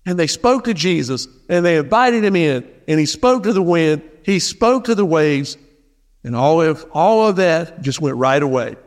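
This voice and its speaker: A man with a notably high-pitched voice preaches to his congregation, talking conversationally and leaning hard on repeated phrases. His voice rings out with a long reverb from the church hall around him. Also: lively intonation, normal speed. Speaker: pastor. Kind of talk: sermon. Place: church sanctuary.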